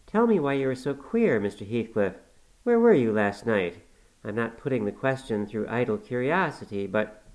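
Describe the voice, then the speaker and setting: A man's voice: medium pitch, expressive, normal speed, darkish tone, natural voice, poor audio. A man reading aloud and voicing an anxious, prying middle-aged housekeeper in a storybook. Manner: pleading, prying questions.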